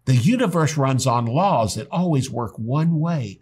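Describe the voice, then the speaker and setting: A pastor preaching a sermon, telling stories and acting out the people in them. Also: male voice, medium pitch, expressive, unhurried, a little mellow, husky. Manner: storytelling preacher, acts out quoted people. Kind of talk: sermon teaching.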